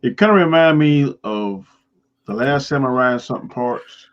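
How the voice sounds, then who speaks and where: A man chatting casually on a live stream, relaxed and agreeable, making short remarks. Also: mid-range voice, moderate pace. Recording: dull, lo-fi audio.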